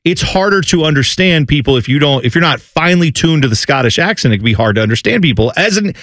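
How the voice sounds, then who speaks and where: A man's voice: a little high, lively intonation, fast talker, fairly bright tone, no echo, studio quality. A man co-hosting a radio show, joking and riffing in casual banter. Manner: joking, riffs with mock voices.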